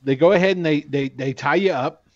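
A man narrating as game master in an online tabletop game, halting and full of fillers and chuckles. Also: on the high side, no echo, dull audio.

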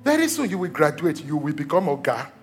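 High-voiced Nigerian pastor telling a story. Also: male voice, a little fast. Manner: animated storytelling, repeats words, acts out quotes. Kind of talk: sermon.

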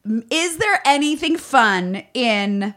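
A middle-aged woman hosting a podcast, chatting casually with a playful, teasing manner and quick joking asides. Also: fairly high pitch, lively intonation, pushed and bright. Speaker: podcast host. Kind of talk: casual chat.

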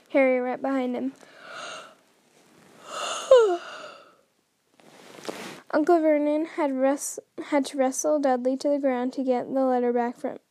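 A woman's voice: high-pitched, warm tone, dry recording. A woman hosting a podcast, reading a book aloud in an unrehearsed way, often stumbling and restarting lines. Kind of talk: unrehearsed read-aloud narration.

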